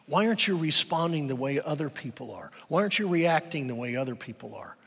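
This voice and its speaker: A man's voice: on the high side, animated, brisk, vocal fry, fairly bright tone, husky. A pastor preaching a sermon, earnest and emphatic, asking his listeners rhetorical questions. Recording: long reverb of a large hall.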